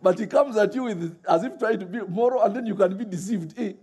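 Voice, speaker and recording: A middle-aged man preaching a sermon in a lively way, laughing often and acting out voices as he tells stories. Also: high voice, brisk, breathy edge.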